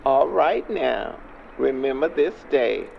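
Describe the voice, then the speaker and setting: Slow gravelly man preaching a prayer. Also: medium pitch, animated, crowd noise. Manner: slow, earnest, coaxing sermon cadence. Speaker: lay preacher leading a prayer. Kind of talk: scripted spoken skit. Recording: dull muffled recording.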